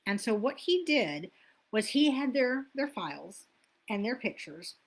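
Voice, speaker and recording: A woman's voice: a little high, big pitch swings, a little slow. A middle-aged woman coaching self-help in a casual teaching talk, chatty and laughing at herself when she loses her place.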